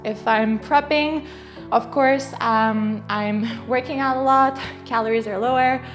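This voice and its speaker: A young woman talking casually to the camera about her workout in a home garage gym, chatty, with fillers and small laughs. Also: a little high. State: out of breath at times. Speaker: fitness vlogger.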